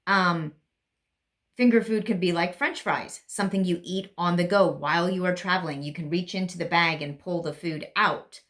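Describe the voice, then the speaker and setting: Woman, Great Lakes American accent, English teacher, slightly low pitch, casual spoken lesson, hesitant ums. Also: moderate pace, a bit bright. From United States. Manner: thinks aloud with many ums and restarts. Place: at home, seated in a chair.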